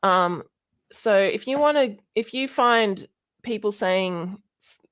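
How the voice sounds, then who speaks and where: A woman's voice: mid-range voice, expressive, takes it slowly, fairly bright tone, clear, resonant tone. A young woman with an Australian accent, chatting casually on a livestream about science and rambling with many fillers. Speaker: streamer.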